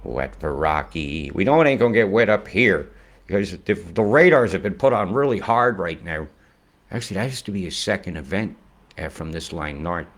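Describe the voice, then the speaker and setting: Deep-voiced rambling male forecaster. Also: brisk. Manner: rambling, excitable, swears, drifts into rhymes. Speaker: weather forecaster. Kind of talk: casual forecast vlog.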